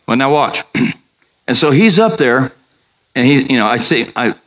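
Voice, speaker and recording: An older male pastor preaching in a mid-range voice, drifting into an anecdote. He acts out every exchange, leaping up in pitch for the quoted lines and dropping back to an easy conversational tone. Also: moderate pace, poor audio. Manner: animated, acts out dialogue with big pitch jumps. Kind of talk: sermon storytelling.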